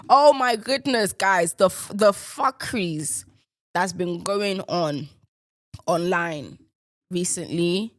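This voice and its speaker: A woman hosts her own show, riffing and joking with the odd swear word. She keeps her voice deliberately pitched lower than usual and takes her time, unhurried. The recording is dry and close. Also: animated, a bit bright, no echo. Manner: playful, riffing, with bursts of profanity; deliberately lowered voice while in a male persona. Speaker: podcast host. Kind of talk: casual solo commentary.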